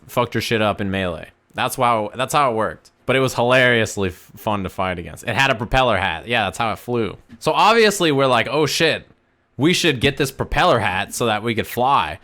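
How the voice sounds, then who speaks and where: A man's voice: medium pitch, a little fast. A man streaming, casually telling a rambling, profanity-laced story to his chat. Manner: animated, profane, rambling anecdote.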